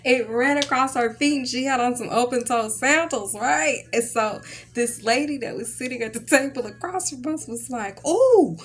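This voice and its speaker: A tarot reader with a fairly high, fairly bright voice tells a rambling story at normal speed during a casual reading. She's chatty and ranting, checking in with "okay?" over and over.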